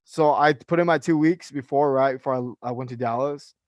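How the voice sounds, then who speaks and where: A young man on a casual podcast tells a rambling story, full of fillers and swearing. He sounds like a personal trainer catching up with a friend, with a dry, close recording. His pitch sits in the middle range. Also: a little fast, dry recording. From California. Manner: animated storyteller, profane, many fillers.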